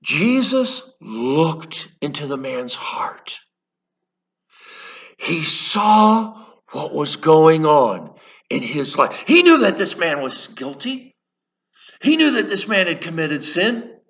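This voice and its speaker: A male preacher tells a story in a church, earnest and halting, often restarting mid-sentence. His voice sits high and swings widely. He takes his time. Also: sing-song, fairly bright tone. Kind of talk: sermon storytelling.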